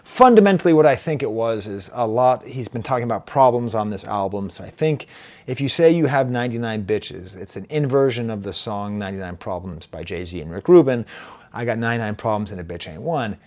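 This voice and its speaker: A man in his forties giving a casual, animated album review, reading lyrics aloud and laughing at himself. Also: mid-range voice, fairly quick. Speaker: music reviewer.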